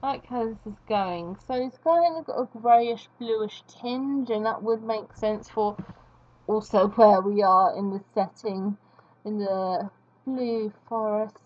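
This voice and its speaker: A woman's voice: medium pitch, slow, highs cut off. A woman giving casual, rambling, self-deprecating commentary while she draws for her video. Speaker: video creator.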